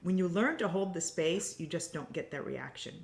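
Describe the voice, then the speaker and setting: A woman's voice: on the low side, moderate pace, vocal fry. Storytelling woman in a roomy echo. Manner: lively storyteller who laughs often. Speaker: co-host, healing coach. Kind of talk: casual livestream conversation.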